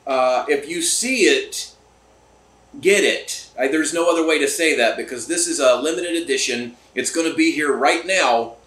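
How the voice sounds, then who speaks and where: A man's voice: on the high side, moderate pace, a bit bright. A man hosting a casual, enthusiastic, joking tasting chat at a distillery. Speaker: host. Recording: roomy, from a distance.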